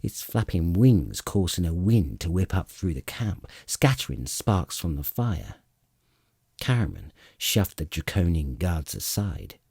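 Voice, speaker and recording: A man narrating a fantasy novel as an audiobook reader, in a measured, expressive way. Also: sits low, husky, no room sound, clean studio sound.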